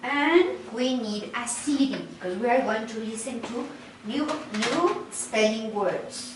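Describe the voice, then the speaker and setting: A woman's voice: a little high, noisy background. A woman teaching an English class, patient and explaining each phrase with repetition. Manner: slow, patient, repeats and translates each phrase. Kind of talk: online class instruction. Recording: roomy, distant recording.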